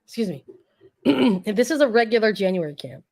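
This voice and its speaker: A hoarse woman chatting on a sports podcast, her voice sitting in a middle pitch range. She keeps clearing her throat and restarts her sentences as she works out a point. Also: very animated, moderate pace, a little mellow. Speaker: podcast co-host. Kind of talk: casual sports podcast chat.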